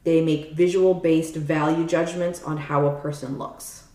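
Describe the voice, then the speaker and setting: This podcast co-host has a low, mellow voice, a level tone, and a measured pace, recorded with noticeable reverb. Her casual explanations, which include passages read aloud, are peppered with "like." She's chatty and often checks in to make sure the listener is keeping up.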